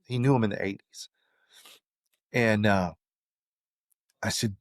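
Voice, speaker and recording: A man's voice: mid-range voice, slow, pauses often, breathy edge, no echo, clean studio sound. A man being interviewed, telling a story in a casual way and acting out the lines of the people he quotes. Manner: animated, acts out quoted dialogue. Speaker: interview guest.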